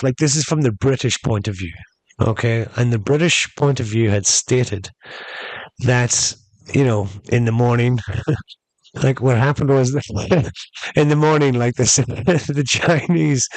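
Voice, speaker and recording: A man's voice: medium pitch, no room sound, poor audio. Rambling storytelling man, dry mic. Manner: rambling, chatty, addresses listeners as folks. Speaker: podcast host. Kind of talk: casual storytelling monologue.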